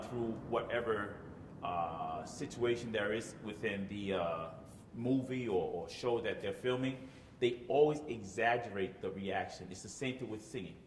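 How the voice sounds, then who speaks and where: A man's voice: lowish voice, slight background noise. A man teaching choir rehearsal, explaining step by step and checking in with "okay?". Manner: explanatory, says "okay?" often, sings phrases to demonstrate. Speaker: choir director. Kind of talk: instructional talk with sung examples. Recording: echoey room with long reverb.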